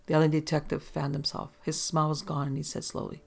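Brief: steady audiobook narrator with a gravelly voice, reading a mystery. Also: medium pitch, quick pace, few pauses. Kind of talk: scripted narration.

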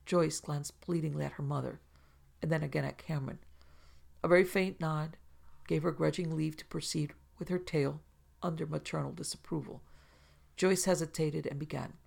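A woman narrating a classic novel in a measured, even reading voice. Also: deep voice, gravelly. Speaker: audiobook narrator.

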